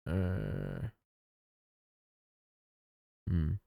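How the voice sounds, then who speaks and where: A man's voice: rumbling low, extremely slow, vocal fry, dry recording, narrow, tinny audio. Chatty male streamer, bouncy delivery. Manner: chatty, thanks chat, lively ups and downs. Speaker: livestreamer and digital artist. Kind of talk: casual chat while drawing on stream.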